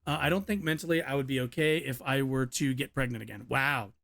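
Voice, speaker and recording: A man's voice: mid-range voice, a little fast, vocal fry, fairly bright tone, a little hiss or hum. A young man streaming, reading a news article aloud with stumbles, mutters and offhand asides. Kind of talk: casual reaction stream.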